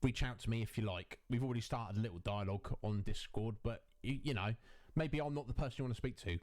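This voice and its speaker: A man's voice: medium pitch, fast, darkish tone. A man hosting a casual live stream on a headset mic, answering his viewers' chat in a chatty, rambling way. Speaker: Twitch streamer and host.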